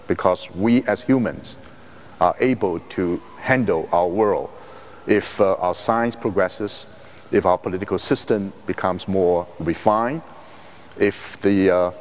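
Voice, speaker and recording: Man lecturing in a university hall, native Chinese speaker, measured and halting, fairly low voice, long hall reverb. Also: a little mellow, a little hiss or hum. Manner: measured, halting, rephrases mid-sentence. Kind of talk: academic lecture.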